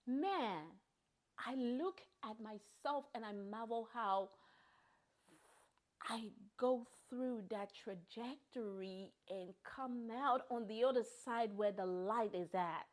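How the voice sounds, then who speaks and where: High-voiced woman giving a testimony. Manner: emotional and grateful, swings from soft and low to loud, laughing outbursts. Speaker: vlogger giving a personal testimony. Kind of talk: heartfelt testimony.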